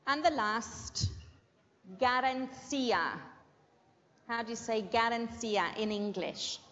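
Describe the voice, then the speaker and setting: Taking her time, a woman with a fairly high, fairly bright voice leads her classroom through an English dictation, patiently repeating each word twice. The recording is dull and low-fidelity, with long reverberation from the room.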